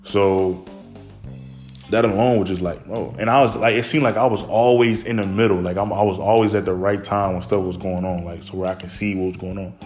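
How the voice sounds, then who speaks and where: A man's voice: sits low, fairly even intonation, fairly quick, a little mellow, soft background music. A young man casually recounting a family story from his childhood, rambling with many fillers and restarts.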